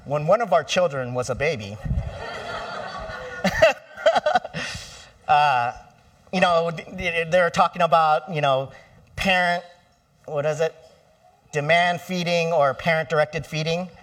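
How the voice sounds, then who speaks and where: A man's voice: a little high, lively intonation, slow, long pauses, fairly bright tone, recorded from a distance. A middle-aged man preaching a sermon in a church, conversational and asking the congregation for responses. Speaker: pastor.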